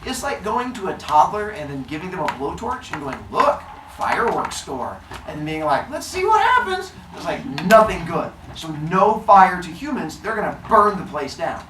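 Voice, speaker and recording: Man doing a petty king god, indignant, exaggerated, lively swings, roomy. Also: high-pitched, normal speed, hardly any pauses, far from the mic, background noise, voice pushed up. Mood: peevish.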